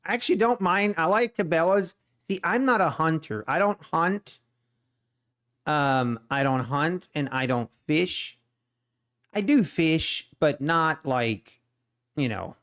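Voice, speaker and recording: A middle-aged man hosts a day-trading livestream in a casual chat. His voice sits a little high, and he takes his time, unhurried and playful. He jokes around as he talks. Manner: laid-back, joking, laughs often. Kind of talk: casual live-stream chat.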